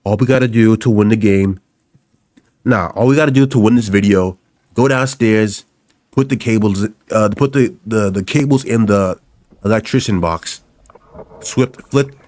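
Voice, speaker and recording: A young man narrates his own horror game run. He is jumpy and profane, and he repeats short phrases again and again as the game pushes him around. His voice sits a bit on the low side. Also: moderate pace, a little mellow, dry recording. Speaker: gaming YouTuber. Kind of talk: let's play commentary.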